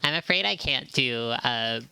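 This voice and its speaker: A woman's voice: rumbling low, lively intonation, a little slow, gravelly, bright, forceful tone, smooth. A woman streamer giving chatty, easily delighted commentary while playing a game. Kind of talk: casual gameplay commentary.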